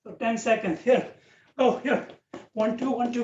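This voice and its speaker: A man's voice: very high voice, steady tone, a little slow, a little mellow. A man leading a live online fitness class, encouraging and counting out reps over a video call. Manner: encouraging, counts out reps, frequent "okay" and "right". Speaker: fitness instructor. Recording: dull, roomy, distant video-call audio with faint hiss.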